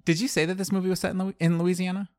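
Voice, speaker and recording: A man co-hosting a podcast in casual chat, skeptical and quick to laugh. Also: high voice, flat delivery, no room sound, studio quality. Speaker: podcast co-host.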